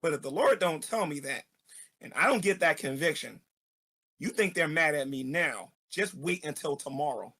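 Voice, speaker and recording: A man's voice: on the high side, expressive, normal speed, sharp tone, slightly rough. A man, a street evangelist, delivering an angry ranting video monologue, repeating himself and stammering as he goes.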